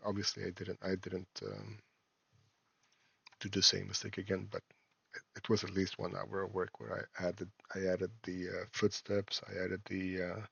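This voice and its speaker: A man, an indie game developer and a father, talks through his game in a casual devlog, halting and full of fillers and restarts. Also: sits low, gravelly, breathy edge, no room sound, lo-fi sound. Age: adult, a parent. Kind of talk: casual screen-recorded devlog.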